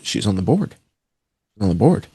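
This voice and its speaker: A man's voice: lowish voice, sing-song, normal speed, mellow, husky, no echo. A man talking in a sarcastic, rambling way on a podcast, with mocking asides. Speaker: podcast guest. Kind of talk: casual conspiratorial chat.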